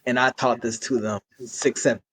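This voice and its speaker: A male program leader speaking earnestly in conversation, pausing to search for his words as he reflects. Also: mid-range voice, steady tone, a bit bright, husky. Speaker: youth program leader, guest.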